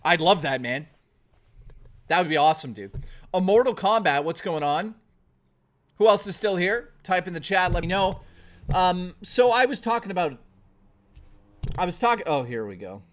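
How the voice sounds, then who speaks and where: A man livestreaming in casual chat, rowdy and profane, thanking chat and joking excitedly. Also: high-pitched, normal speed, pauses often. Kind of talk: casual live-stream chat.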